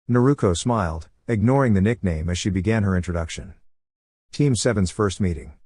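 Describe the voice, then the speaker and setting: A man narrating a story in a steady, even storytelling voice. His voice sits fairly low, and the recording is close and dry with no room sound. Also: a little fast, no echo. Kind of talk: scripted narration.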